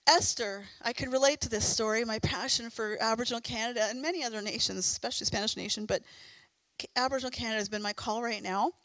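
A middle-aged woman preacher delivers a sermon with earnest, fervent encouragement. Her voice sits somewhat high, and the sound is close and dry, with little room around it. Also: steady tone, quick pace, fairly bright tone, dry recording, poor audio.

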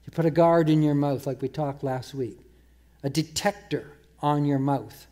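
Guy preaching, kinda high voice, gets loud and punchy on key points. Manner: emphatic, repeats words, rises in volume for emphasis; slows down to quote scripture. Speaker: pastor. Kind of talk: sermon.

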